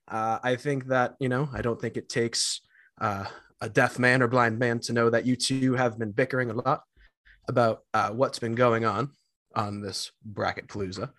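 A man's voice: medium pitch, sharp tone, dry recording. A man co-hosting a podcast, talking animatedly as he builds up a surprise for his co-hosts. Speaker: podcast co-host. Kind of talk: casual chat.

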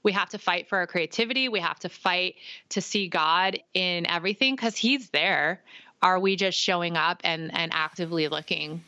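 Young woman guest, earnest faith testimony, bright and clear tone, dry close sound. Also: lowish voice, moderate pace, no echo. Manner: earnest, animated storytelling with acted-out dialogue. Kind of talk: faith testimony in casual chat.

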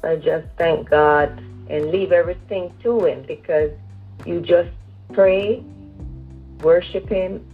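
Brief: low-voiced woman caller, calm prayer, tinny phone line, soft music. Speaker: caller praying. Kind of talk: spoken prayer.

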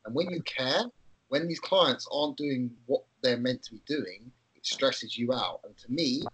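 A man's voice: medium pitch, moderate pace, a bit bright, slightly rough, poor audio. A man who coaches bodybuilding, talking earnestly in a casual podcast chat and working himself up into rants.

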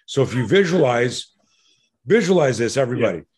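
Husky man, self-defense teacher, animated storyteller who swears freely. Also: medium pitch, fairly quick. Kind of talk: conversational storytelling.

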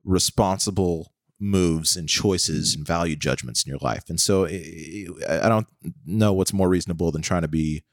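Deep-voiced American man rambling casually. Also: normal speed, dry recording, studio quality. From United States. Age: 30s. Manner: rambling, joking, filler-heavy. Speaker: podcast co-host. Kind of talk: casual chat.

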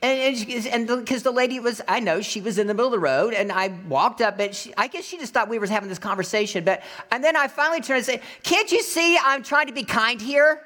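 Man preaching a lively story sermon. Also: sits high, quick pace, few pauses. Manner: animated storytelling, acts out quoted voices. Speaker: pastor. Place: Florida.

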